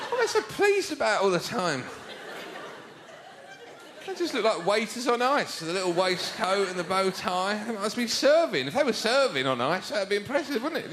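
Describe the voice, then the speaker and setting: A man with an English accent performing a stand-up routine on a theatre stage, breaking into shouted mock outbursts. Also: sits high, big pitch swings, a little fast. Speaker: stand-up comedian. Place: theatre stage with live audience. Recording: live show recording with audience noise.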